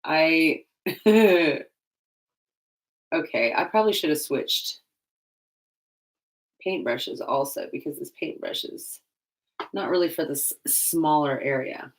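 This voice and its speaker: A woman's voice: low-pitched, takes it slowly, pauses often. A woman vlogger chatting casually while painting, rambling and laughing often.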